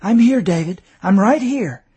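A man's voice: sits high, expressive, a little slow, dark tone, breathy edge, voice pushed up, heavily acted. Anxious tender wife, as a man puts her on. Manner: pleading, tender. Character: worried loving wife, adult woman.

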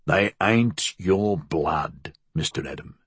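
A man voicing a big, rough-spoken working man who talks coarsely and slowly with a growl. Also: low voice, dry recording, exaggerated voice. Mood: gruff.

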